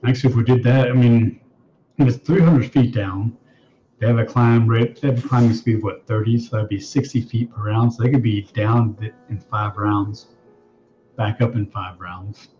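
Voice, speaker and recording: A man playing a tabletop game, thinking out loud and planning tactics in casual chat. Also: fairly low pitch, fairly even intonation, normal speed, dull audio, a little hiss or hum. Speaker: player.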